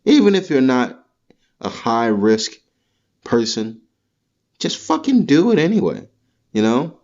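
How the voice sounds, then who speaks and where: A man's voice: mid-range voice, very animated, a little slow, a little mellow, dull audio. A man hosting a podcast, delivering a rambling, profane comedic monologue full of crude rants. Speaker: podcast host.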